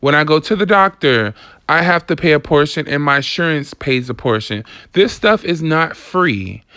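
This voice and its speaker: A woman's voice: low-pitched, lively intonation, moderate pace, fairly bright tone, dry recording, studio quality. A woman vlogger delivering a casual commentary rant, sassy, blunt and profane.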